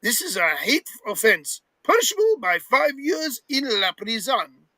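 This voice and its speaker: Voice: medium pitch, very animated, a little slow, pushed and bright, no room sound, exaggerated voice. Someone doing a pompous French cop. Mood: officious. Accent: fake French. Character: pompous French police officer, male. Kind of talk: comic read-aloud with voices.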